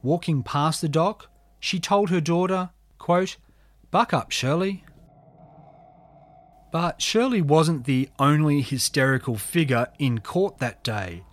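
A man with a voice on the high side narrates true crime, sounding dry and close with no echo. He keeps a measured pace and reads quoted court testimony in a subdued tone.

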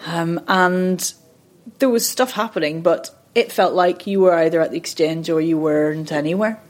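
Woman, 30s, voice coach; low-ish voice, chatty, rambling, self-deprecating interviewee. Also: moderate pace. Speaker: voice and accent coach. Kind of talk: conversational podcast interview.

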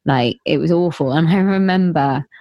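A woman's voice: deep voice, moderate pace, no room sound, lo-fi sound. A woman in her thirties telling a personal story in casual chat, rambling with self-corrections and nervous laughs.

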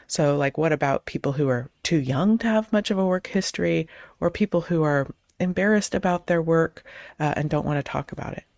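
A woman host in her thirties giving casual advice on conversation, acting out both sides of sample chats in quick changes of voice. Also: sits low, darkish tone, no echo, clean studio sound. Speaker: podcast host; clergy.

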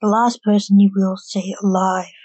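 A woman's voice: medium pitch, flat delivery, moderate pace, mellow, husky, no echo, close to an everyday voice. A woman reading as a stern agent father. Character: adult male agent, stern father, dry humour.

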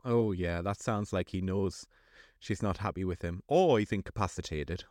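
A man's voice: sits low, moderate pace, darkish tone, no echo, studio quality. A man co-hosting a podcast in casual chat, easygoing and teasing. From North East England. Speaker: podcast co-host.

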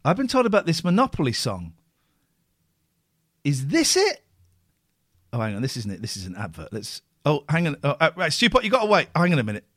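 Man, host, high pitch, very lively intonation, rambling jokey chat. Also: dry recording, clean studio sound. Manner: rambling, jokey, quick bursts. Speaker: show host. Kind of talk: casual live show chat.

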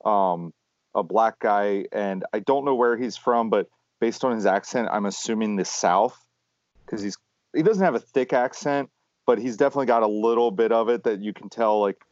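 A man co-hosting a podcast, telling stories in a rambling, animated casual chat. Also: fairly low pitch, normal speed, dry recording. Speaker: podcast co-host. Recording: dull lo-fi sound.

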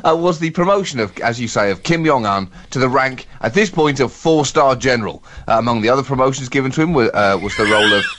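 A man co-hosts a comedy podcast with a medium-pitched voice. His satirical banter is brisk and sardonic, and he often laughs at his own jokes. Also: fairly bright tone, a little hiss or hum.

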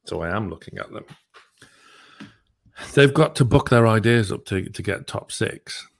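Brief: young male football podcast host, playful, rambling, low-pitched. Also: lively intonation, a little slow, vocal fry. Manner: chatty, hesitant with many ums, playful. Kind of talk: casual chat and interview hosting.

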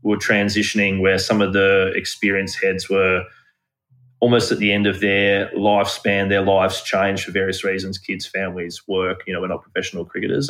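A man's voice: low-pitched, a bit bright, rough recording. An Australian man talking casually as a podcast guest, telling rambling anecdotes. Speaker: guest, former country cricket coach.

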